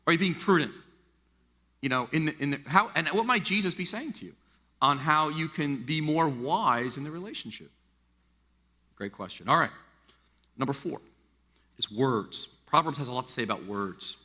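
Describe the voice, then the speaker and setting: A middle-aged man from the United States preaching a sermon as a pastor, animated and stammering through restarts as he acts out quoted voices. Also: on the high side, moderate pace, long pauses. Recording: long reverb of a large hall.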